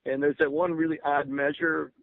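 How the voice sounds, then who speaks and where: A man's voice: a little high, little pitch movement, moderate pace, vocal fry. A man in his sixties from Illinois, a guest musician telling stories in a radio interview, eager and laughing, often restarting his words. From Berwyn, Illinois, USA. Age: 60s. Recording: narrow phone-line radio sound.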